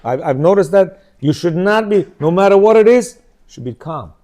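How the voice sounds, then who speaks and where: Teaching an informal Torah lecture at a moderate pace, a middle-aged man speaks in a mellow, expressive voice that sits high. He keeps the tone conversational, tossing in "yeah?" and "you know," and performs quotations in different voices.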